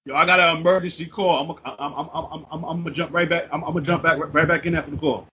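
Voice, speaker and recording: A man with a husky voice on a podcast panel, excitable and quick to repeat himself. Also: a little high, dull audio. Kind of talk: casual podcast chat.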